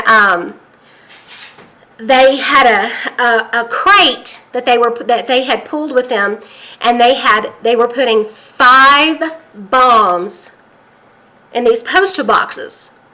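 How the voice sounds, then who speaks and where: A woman from the United States recounting a dream as an earnest spoken testimony, halting and restarting, then pressing urgent warnings. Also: a little high, bright, forceful tone. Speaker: prophetic dream teller.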